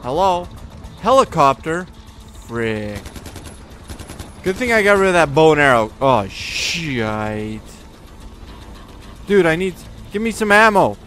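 A man doing let's play commentary in a goofy, joking way, often yelling at enemies. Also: fairly high pitch, big pitch swings, slow, long pauses, faint music behind. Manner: goofy, jokey, yells at enemies. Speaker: gaming video host.

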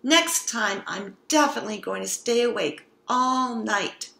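A woman reading aloud puts on a bouncy little girl piglet from a storybook. The voice is high and bright, eager about everything. The room gives it an open, echoing sound. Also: unhurried, gravelly, heavily acted. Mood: excited. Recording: roomy echo.

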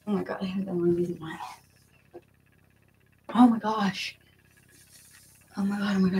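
A woman's voice: mid-range voice, brisk, pauses often, darkish tone, a little hiss or hum. A young woman chatting casually to her viewers while she exercises, giggly and nervous, talking to herself and a little out of breath. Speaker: vlogger.

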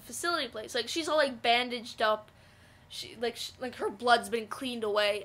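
A young woman vlogging, telling a story casually with lots of fillers and excitable outbursts. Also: on the high side. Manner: rambling, filler-heavy, excitable.

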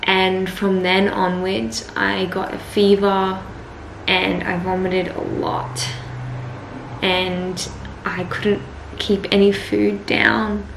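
A woman's voice: medium pitch, level tone, slow pace, gravelly, a little hiss or hum. A young woman vlogging casually, rambling with lots of "like". She sounds tired and weak from being sick. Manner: chatty, rambling, full of "like". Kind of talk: casual vlog diary. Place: bus, then a car.

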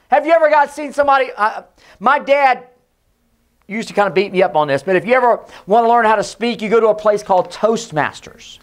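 A pastor giving an emphatic sermon in a church, sometimes hushed and sometimes shouting, and calling on the congregation to repeat his words. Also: high-pitched, lively intonation, fairly quick. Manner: leads the congregation in call and response. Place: church sanctuary.

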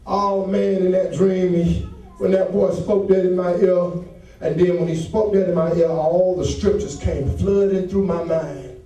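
A man preaches with fervent intensity and builds into shouts, in a high, ringing voice. He sounds distant from the microphone. The sound echoes heavily around a large church sanctuary. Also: steady tone, a little slow, highs cut off. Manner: fervent, rising to shouts, call-and-response. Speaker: associate pastor. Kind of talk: sermon. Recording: very echoey church hall, mic far off.

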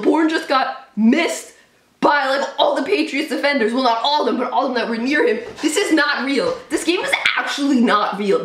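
A woman's voice: sits high, lively intonation, a little fast, echoey room. A young woman hosting a live reaction to a football game, calling plays and shrieking at the big moments. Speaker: sports reaction host.

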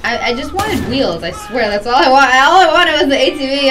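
A woman's voice: high-pitched, sing-song, normal speed, hardly any pauses, distant mic, noisy background. A young woman streaming a game, chatting casually and greeting her viewers by name with lots of giggles. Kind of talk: casual live-stream chat while gaming.

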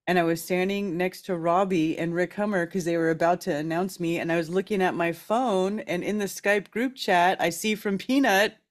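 A woman who is a guest on a casual chat show, telling a lively story and quoting the people in it. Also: fairly low pitch, normal speed, few pauses.

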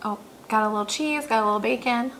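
A young woman with a slightly raised pitch, chatting eagerly about food as she co-hosts a casual tasting video. She reads menu descriptions aloud with relish, and faint noise sits behind her. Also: quick pace, fairly bright tone, low-quality recording. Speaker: food vlog co-host. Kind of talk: casual food review chat.

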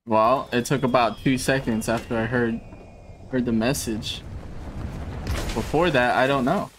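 A man streaming a shooter game live, swearing often and shouting at a teammate with frequent laughter. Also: a little slow, background noise. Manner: laughs often, voice jumps high when excited. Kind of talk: live gaming stream commentary.

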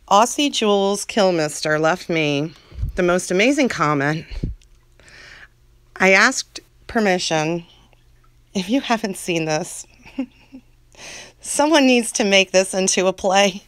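Chatty woman host, rambling casual talk to viewers, laughs easily; a little low, dry sound. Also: smooth, no room sound. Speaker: channel host.

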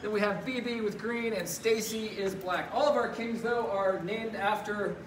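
Zookeeper type, man, fairly high voice, chatty and upbeat, mask-muffled, roomy and distant mic. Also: fairly even intonation, normal speed. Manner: upbeat and chatty, talking through a face mask. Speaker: zookeeper presenter. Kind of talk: casual educational live stream. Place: indoor zoo birdhouse with penguins. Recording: echoey room, distant mic, faint noise.

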